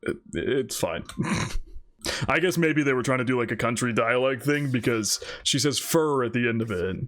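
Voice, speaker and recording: A man hosting an anime reaction video, chatting casually in an excitable, rambling way and laughing often. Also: medium pitch, normal speed.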